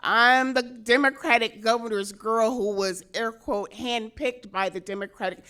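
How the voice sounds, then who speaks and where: A middle-aged woman, a state senator, telling a personal story to a convention audience, animated, often laughing and acting out what people said. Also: a little high, unhurried, hardly any pauses, clear, resonant tone.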